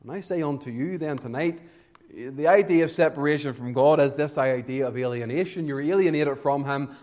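A man preaching a fire-and-brimstone sermon in a somewhat high voice. He drops to near-hushed warnings, then builds to loud, emphatic peaks. He stretches out the key words for weight. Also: brisk. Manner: swings between hushed lows and loud, emphatic climaxes, drawing out key words. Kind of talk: evangelistic sermon.

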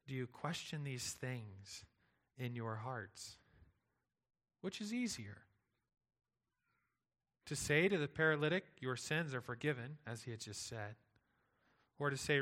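A man's voice: mid-range voice, sharp tone. A pastor preaching a sermon, earnest and emphatic, driving his points home with rhetorical questions.

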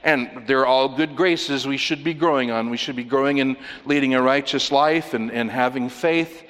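A man's voice: mid-range voice, normal speed, fairly bright tone. A man with a mid-range voice preaches a sermon from the pulpit. He speaks emphatically and keeps posing rhetorical questions to his listeners. His words ring out with the long reverb of a big hall. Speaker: pastor.

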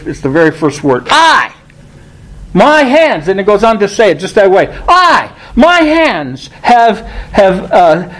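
A man preaching a sermon, reading scripture aloud and rising in pitch on the quoted lines, thinking aloud with restarts. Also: poor audio. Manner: rises in pitch when quoting scripture.

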